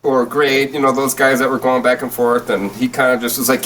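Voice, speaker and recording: A man's voice: mid-range voice, steady tone, brisk, a bit bright, slight background noise, rough recording. A man from Michigan, a guest musician chatting casually on a podcast, laid-back and often laughing as he trails off. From Saginaw, Michigan.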